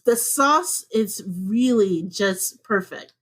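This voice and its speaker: A woman co-hosting a podcast from home, chatting casually and laughing often. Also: slow pace. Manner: chatty and laughs often, with lively swings up in pitch. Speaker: podcast co-host.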